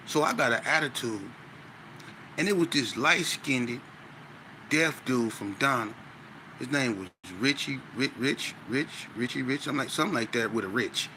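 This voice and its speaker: In a casual conversation, a man appearing as a podcast guest recounts a story with lots of energy, frequently dropping "you know what I'm saying." His pitch is medium, his speed normal, and a slight hiss or hum is audible.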